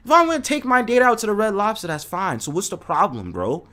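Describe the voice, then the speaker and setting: A man hosts a casual live stream and rants to his viewers. His pitch sits a little high and jumps around constantly as he gets worked up. He talks loose and profane and keeps calling out viewers in the chat by name. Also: huge pitch swings, fast, hardly any pauses, a bit bright. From New York City. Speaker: host.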